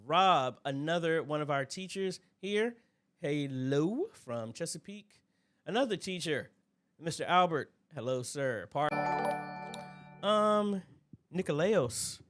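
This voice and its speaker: A man hosting a casual livestream Q&A, greeting viewers by name in a relaxed, chatty way. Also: on the high side, unhurried, faint music behind. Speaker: livestream host.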